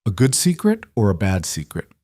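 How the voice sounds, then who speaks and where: A man's voice: on the low side, wildly swooping pitch, moderate pace, a little mellow, no echo, clean studio sound. A man playing Elias, a weary but devoted former lawman and husband in a western storybook, speaking steadily and solemnly.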